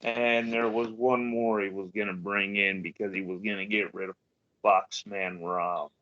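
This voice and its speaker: A man's voice: lowish voice, little pitch movement, unhurried, sharp tone, dry recording, muffled recording. A man on a casual podcast rambling through a story and retelling a chat.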